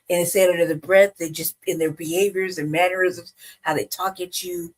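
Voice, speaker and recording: A middle-aged woman giving blunt, profane political commentary on a talk show, often breaking into laughter and animated asides. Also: fairly low pitch, fairly quick. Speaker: podcast co-host.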